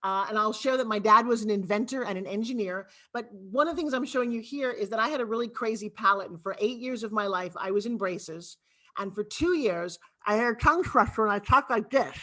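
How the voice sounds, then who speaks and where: A woman from Long Island with a New York accent, telling her life story as an expressive, talkative guest on a video call interview. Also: medium pitch, a little fast. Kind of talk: animated storytelling.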